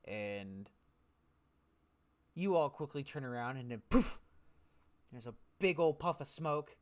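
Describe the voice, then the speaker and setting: A game master narrating a tabletop role-playing session at a slow pace. The narration rambles, circling back and repeating words as scenes are described. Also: mid-range voice, animated.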